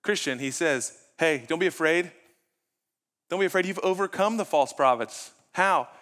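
A young man preaches a sermon with a bright, forceful tone and a voice that sits a little high. He talks to his listeners in a conversational way, asking them questions as he goes. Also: normal speed. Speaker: pastor.

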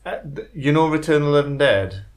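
A man's voice: fairly high pitch, lively intonation, fast, a crowd in the background. A man appearing as a podcast guest, chatting casually and making dry, self-deprecating quips. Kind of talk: casual chat.

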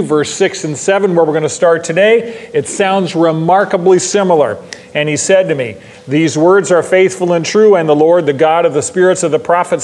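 A man's voice: high voice, darkish tone. A pastor preaching a sermon in a church, stressing his points by repeating them. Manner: emphatic, repeats key lines for stress. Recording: long hall reverb.

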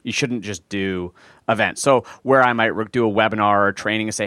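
Rich: A male podcast host with a fairly low voice and a dry, close sound. He talks hesitantly, filling gaps with ums and restarts, and steers the chat with questions. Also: fairly even intonation, a little fast, bright, forceful tone, clear, resonant tone, dry recording. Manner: hesitant, with many fillers and restarts, asking questions. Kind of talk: casual interview chat.

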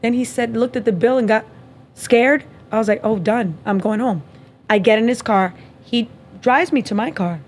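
Podcast host, woman, slightly high pitch, animated profane storyteller who acts out the dialogue. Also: normal speed. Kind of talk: casual storytelling chat.

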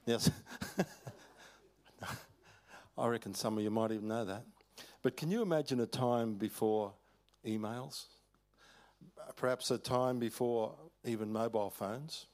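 Folksy older Australian preacher. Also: male voice, medium pitch, a little mellow. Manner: folksy storytelling, chuckles often, halting restarts. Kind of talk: sermon. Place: church hall.

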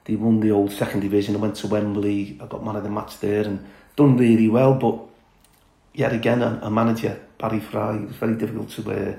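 Gravelly low-voiced blunt man. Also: little pitch movement, a little fast, mellow, roomy sound, poor audio. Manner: blunt, candid, chatty with many fillers and laughs. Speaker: former footballer, podcast guest. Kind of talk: casual storytelling chat.

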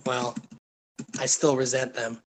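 A man's voice: medium pitch, monotone, takes it slowly, a little hiss or hum. A man co-hosting a casual chat, talking in profane, emphatic rants. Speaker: podcast co-host.

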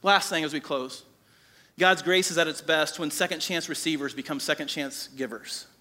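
A pastor in his forties preaching a sermon, telling a personal story with lively quoted dialogue. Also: on the high side, moderate pace. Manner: animated storytelling, quoting people in his own voice.

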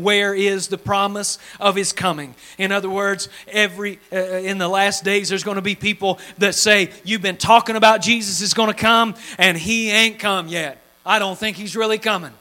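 A man preaching a sermon to his congregation, pleading fervently and swinging between loud cries and hushed, low passages in a folksy style. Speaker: pastor. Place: church sanctuary before a congregation.

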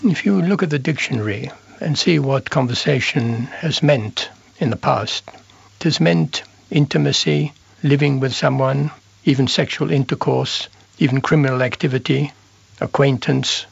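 Thoughtful older-sounding scholar guy, gravelly husky voice, dry dull lo-fi recording. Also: mid-range voice, no room sound. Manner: measured and reflective. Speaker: philosopher and historian. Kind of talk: interview answer.

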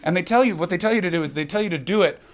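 Male stand-up, higher voice, swears freely, bounces off the crowd on a club mic. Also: very fast. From North America. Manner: profane, animated riffing with the crowd. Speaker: stand-up comedian. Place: comedy club stage.

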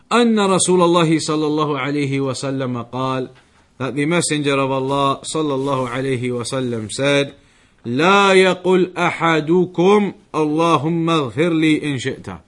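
A man teaching a religious class, explaining a text with repeated, emphatic examples. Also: fairly high pitch.

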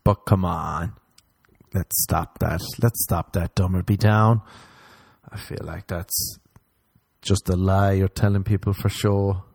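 A young Irish man rambling sardonically in a casual comedic monologue, jumping up in pitch when he acts out other people. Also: steady tone, slow pace, creaky, darkish tone, breathy edge, no room sound. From Ireland.

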